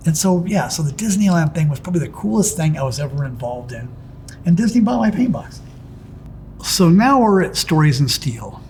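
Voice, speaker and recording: A man's voice: fairly high pitch, lively intonation, fairly quick, few pauses, a little hiss or hum. A middle-aged man who works as a pinstriping artist tells stories about his work in a casual interview, rambling and restarting with plenty of "it's like" asides.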